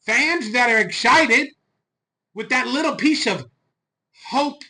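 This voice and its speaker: A man hosting a fan channel, ranting loud, fired-up and profane on a live stream into a phone. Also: extremely high pitch, lively intonation, takes it slowly, pauses often, poor audio.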